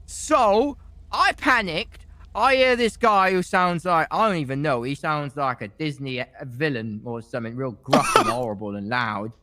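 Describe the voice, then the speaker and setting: A man role-playing a defendant giving rambling, excitable testimony in a game courtroom, with sudden shouted outbursts. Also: a little high, unhurried, a little hiss or hum. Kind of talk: in-character game role-play.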